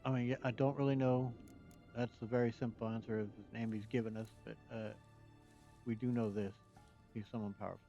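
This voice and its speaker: A man's voice: mid-range voice, level tone, a little fast, mellow. An American man giving casual game commentary, rambling and hesitant as he talks over gameplay. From United States. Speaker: let's play commentator. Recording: dull lo-fi mic over game music.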